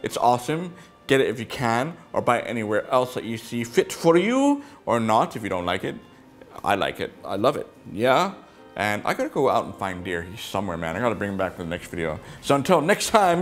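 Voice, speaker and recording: A man's voice: on the low side, sing-song, a little fast, over music. A man hosting a casual toy review, chatty and joking as he goes over each piece.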